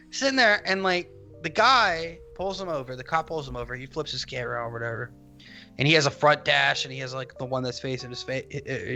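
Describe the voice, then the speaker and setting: Casual podcast co-host, male, animated and foul-mouthed storyteller, light music bed. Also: mid-range voice. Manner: rambling, profane, animated retellings.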